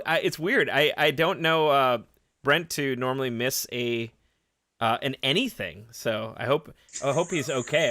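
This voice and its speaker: A man's voice: a little high, no room sound, studio quality. A man hosting a casual live-stream podcast, joking and reading out viewers' names and donations. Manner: animated, jokey, reads chat names aloud. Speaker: podcast host.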